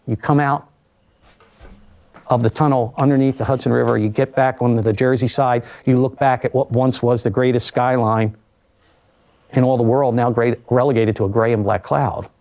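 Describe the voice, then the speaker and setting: An older man recounting his own survival in a documentary interview, measured and reflective with vivid asides. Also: medium pitch, fairly even intonation, a little mellow.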